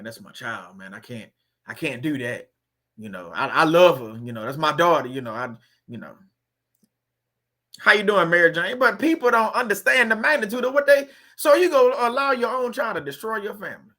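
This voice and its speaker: A man's voice: sits high, pushed and bright. A man hosting a faith-based video channel, talking in a casual, preachy way and putting rhetorical questions straight to his viewers.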